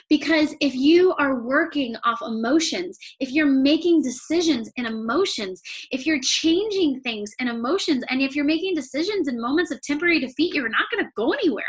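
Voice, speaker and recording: A woman giving a motivational talk to her sales team, chatty and full of "like" and "okay?", at times close to tears. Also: sits high. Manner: emotional, near tears at times.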